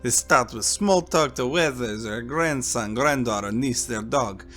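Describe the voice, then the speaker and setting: A man voicing a calm priest with a French accent, speaking warmly and slowly in a soft, deep voice. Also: soft background music, lightly acted. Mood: musing. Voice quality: warm and deep, soft-spoken. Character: priest, calm middle-aged man, gentle talker.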